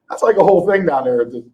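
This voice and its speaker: Casual podcast co-host, a man with a fairly high voice who ribs his friends and rambles. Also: lively intonation, a little fast, dull audio, slight background noise. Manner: teasing, laughs often, rambling restarts. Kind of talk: casual chat.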